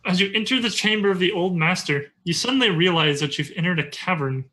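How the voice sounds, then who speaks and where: A game master narrating scenes in a tabletop role-playing game in a relaxed, descriptive way. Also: mid-range voice, fast.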